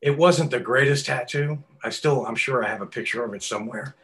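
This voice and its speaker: A middle-aged man, a tattoo artist telling stories in an interview, swearing often and acting out quotes loudly. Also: mid-range voice, brisk. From New York. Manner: animated, profane storyteller who acts out quotes loudly. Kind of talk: casual storytelling interview.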